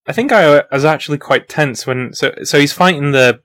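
A man's voice: a little high, expressive, normal speed, a bit bright, no echo. A man hosting a casual film review chat, rambling and laughing as he acts out quotes.

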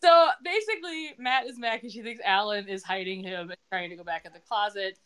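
A middle-aged woman hosting a relaxed podcast, recapping a TV episode in a chatty, joking way. She moves through scenes quickly and quotes characters' lines along the way. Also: mid-range voice, smooth. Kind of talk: casual chat.

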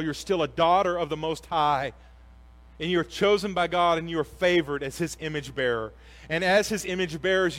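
A man in his forties preaching a sermon, earnest, with slow emphatic phrases that often drop to a soft hush. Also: medium pitch. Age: 40s.

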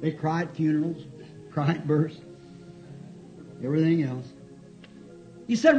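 Fervent preacher, lo-fi tape. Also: male voice, a little high, lively intonation, measured pace, pauses often. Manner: fervent, folksy, storytelling, sudden shouts. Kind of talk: sermon. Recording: dull lo-fi old tape, faint music.

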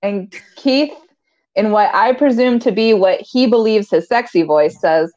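A woman's voice: mid-range voice, measured pace, a little mellow. Chatty, giggly woman recapping an episode. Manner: chatty, giggly, quotes characters in voices. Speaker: podcast co-host recapping a TV episode. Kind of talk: casual recap chat. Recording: slightly dull lo-fi sound.

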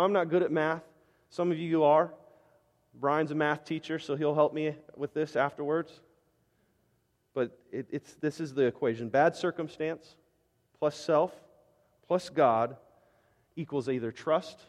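A man's voice: on the high side, in a large hall. A man preaching a sermon as pastor, telling the scripture story dramatically and acting out the disciples' outbursts in voice.

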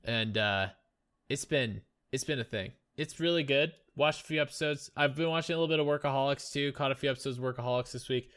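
A young man co-hosting a podcast, chatting casually and rambling excitedly with jokes. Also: mid-range voice, fast. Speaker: podcast co-host. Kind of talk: casual chat.

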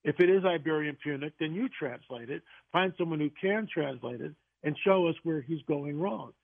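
A man, a guest author on a radio interview, telling stories in an animated way with quick restarts. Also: on the high side, creaky. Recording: tinny phone line.

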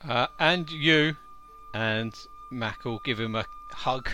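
Male player, mid pitch, bright tone, earnest in-character lines. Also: slow. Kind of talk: casual tabletop game chat.

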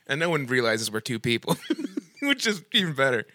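A man's voice: medium pitch, very animated, moderate pace, bright, forceful tone, no echo. A man co-hosting a podcast, chatting loosely and joking with frequent laughs. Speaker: podcast co-host. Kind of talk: casual chat.

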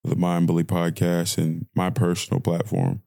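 Gravelly low-voiced man ranting passionately. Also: completely flat delivery, normal speed, dark tone, no echo. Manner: impassioned ranting, repetitive phrasing. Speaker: podcast host. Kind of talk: audio diary monologue.

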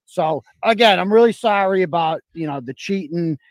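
A man's voice: sits high, animated, moderate pace, no room sound. A man putting on a sleazy, scheming husband, leaving a rambling, sheepish confession on a voicemail. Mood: smarmy.

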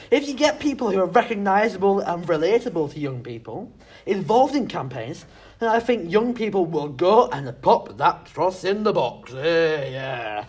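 A British man co-hosting a casual political podcast, teasing and halting, with many fillers. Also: high-pitched, darkish tone, slightly rough. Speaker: podcast co-host.

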